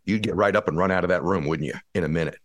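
A man's voice: sits low, racing, dry recording, clean studio sound. A man giving an impassioned motivational talk, hammering his points with repeated rhetorical questions. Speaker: motivational speaker.

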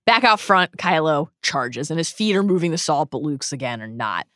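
A woman co-hosts a film podcast, retelling each scene with effusive, emotional drama. Her voice sits low but swings widely in pitch. The sound is close and dry. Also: animated, normal speed, fairly bright tone, dry recording. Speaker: podcast co-host. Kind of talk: enthusiastic film-recap podcast chat.

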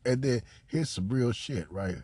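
A man giving casual, profane commentary on a recorded phone call, mocking, repetitive and animated, often laughing and coughing. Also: mid-range voice, a little slow, slightly rough, no echo. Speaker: commentator reacting to a leaked call.

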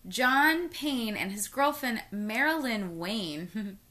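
A woman's voice: a little high, animated, slow pace, sharp tone. A woman co-hosting a casual chat, jokey and sarcastic, reading out details and adding her own asides. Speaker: podcast co-host. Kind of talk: casual true-crime chat over wine.

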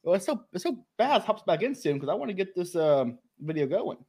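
An American man hosting a casual reaction chat, joking and emphatic, quick to mock himself. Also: sits high, big pitch swings, darkish tone, husky. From United States. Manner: joking, emphatic, self-mocking. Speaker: host.

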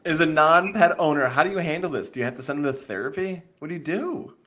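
A man's voice: a little high, expressive, fast talker, a bit bright. A man co-hosting a podcast, joking and asking teasing questions in a casual chat. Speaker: podcast co-host.

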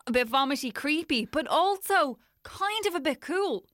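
A woman's voice: high-pitched, lively intonation, normal speed, fairly bright tone. An Irish woman co-hosting a podcast, chatty and giggly, hedging her stories. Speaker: podcast co-host. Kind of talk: casual chat.

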